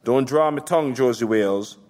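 A man's voice: mid-range voice, brisk, a little mellow, long reverb tail, lightly acted. A man voicing a foul-mouthed, furious gangster who talks in a crude, boastful, mocking way. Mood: scornful.

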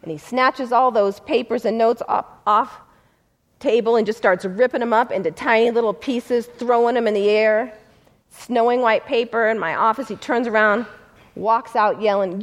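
High-voiced woman telling a story. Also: steady tone, moderate pace. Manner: earnest, vivid retelling. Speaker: civil rights lawyer and speaker. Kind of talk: storytelling talk to an audience.

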